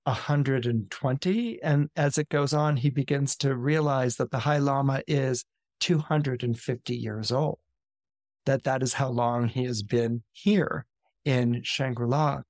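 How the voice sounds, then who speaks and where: A man's voice: mid-range voice, steady tone, a little slow, darkish tone, no room sound, studio quality. A man hosting a podcast who retells a story casually and conversationally, with frequent fillers. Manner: conversational, with fillers like "you know". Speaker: astrologer podcast host.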